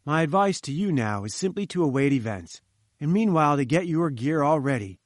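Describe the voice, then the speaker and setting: A man's voice: a little high, expressive, brisk, no room sound, clean studio sound. A man voicing a cheerful, chummy young male journalist. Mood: breezy. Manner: breezy and chummy.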